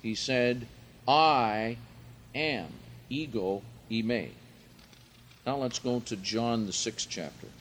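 A man preaching a sermon, reading scripture aloud and explaining Greek words, rising in pitch and volume for emphasis. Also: a little slow, slight background noise.

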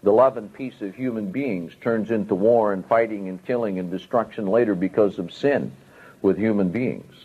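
A man's voice: mid-range voice, slightly rough. A man preaching a sermon, teaching step by step and stressing key words with strong rises and falls. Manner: emphatic, rising and falling for stress. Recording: tinny phone-like audio.

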